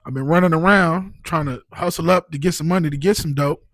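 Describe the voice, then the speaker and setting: A man telling his own story as a podcast guest, animated and emotional, full of "like" and "you know what I'm saying". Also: on the high side, a little fast, no echo. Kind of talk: casual storytelling.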